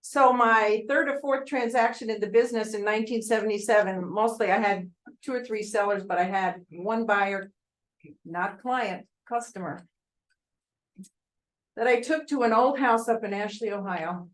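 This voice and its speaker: A woman's voice: mid-range voice, normal speed, rough recording. An older woman, a veteran real estate agent, talks informally to a group of colleagues, telling chatty stories and asking the audience questions.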